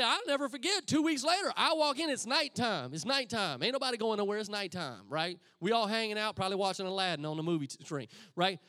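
A middle-aged pastor from Texas, speaking as he tells a story from the pulpit. His voice sits high for a man and swings widely in pitch, and it is caught dry and close with no room echo. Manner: animated, acts out voices of friends and himself. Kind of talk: storytelling sermon.

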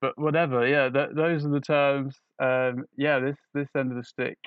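A man's voice: mid-range voice, little pitch movement, normal speed, clean tone, dry recording, phone-quality sound. Rambling, joking young man. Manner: rambling, joking, many restarts. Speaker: podcast co-host. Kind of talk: casual chat.

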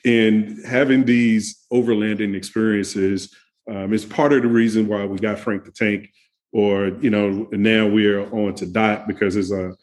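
A man's voice: on the low side, fairly even intonation, unhurried, darkish tone. A man telling road-trip stories in casual chat, laughing often and restarting his sentences. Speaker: guest. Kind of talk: casual conversation.

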